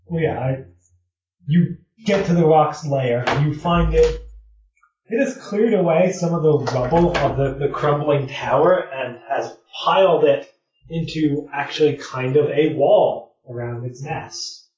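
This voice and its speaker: A man narrating as game master, describing scenes in a measured way. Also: on the high side, a little mellow, slight background noise. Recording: roomy, distant, lo-fi mic.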